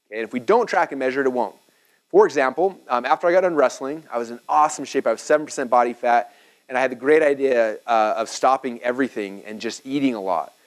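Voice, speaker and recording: A man in his thirties teaching a business seminar at a whiteboard, energetic and chatty, checking in with "okay?" and "right?". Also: mid-range voice, low-quality recording. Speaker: speaker teaching business marketing.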